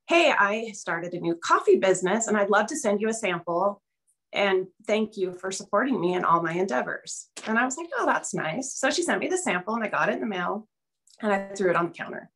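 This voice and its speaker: A woman's voice: medium pitch, fairly bright tone. A middle-aged woman on a video call, telling her personal story candidly and a little nervously, with fillers and small laughs. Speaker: guest sharing her story. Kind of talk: casual video call testimonial.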